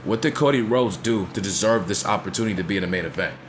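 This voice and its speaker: A man's voice: fairly low pitch, fast, a little hiss or hum. A man ranting in a blunt, profane way in casual talk, often asking if you know what he's saying. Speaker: wrestling commentator vlogger. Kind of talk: casual opinion rant.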